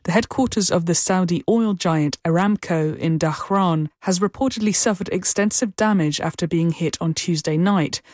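A woman newsreader delivering a news bulletin in a measured, formal way. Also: on the low side, a little mellow, dry recording, studio quality.

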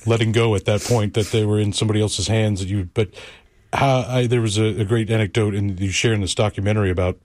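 A man with a low voice hosts a conversation. He builds long, thoughtful questions slowly and in a casual way. The sound is dry and close. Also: steady tone, darkish tone, no echo. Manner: rambling, thoughtful questions with fillers. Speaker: interviewer, host. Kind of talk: conversational interview.

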